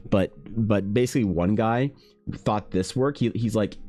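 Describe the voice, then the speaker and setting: Casual male streamer, low voice, rambling and profane, faint music underneath. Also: normal speed, warm tone. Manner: rambling, restarts often, swears freely. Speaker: artist streaming while drawing. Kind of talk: casual chat with stream viewers.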